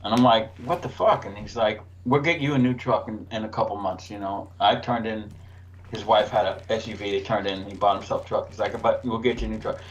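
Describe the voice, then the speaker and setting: A man's voice: fairly low pitch, fairly even intonation, brisk, low-quality recording. A man telling a profane work story on a casual podcast, laughing through his own punchlines. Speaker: podcast co-host.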